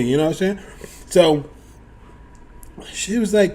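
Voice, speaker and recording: This is a young man spinning a casual story for his viewers, his pitch leaping all over as he acts out the other people. His voice sits a little high for a man. He swears freely and keeps the telling loose. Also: big pitch swings, normal speed, pauses often. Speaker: storyteller vlogger.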